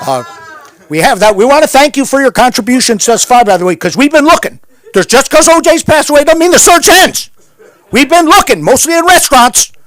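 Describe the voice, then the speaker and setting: A man's voice: high voice, fairly bright tone, no room sound. A man hosting an open mic comedy night, bantering sardonically with the audience. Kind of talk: stand-up crowd work and hosting. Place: comedy club stage.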